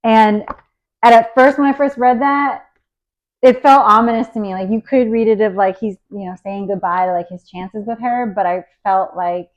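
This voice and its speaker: A woman's voice: a little high, moderate pace, highs cut off. A woman co-hosting a book podcast, reading passages aloud and chatting casually. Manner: reads a passage quietly, then chats excitedly. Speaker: podcast co-host.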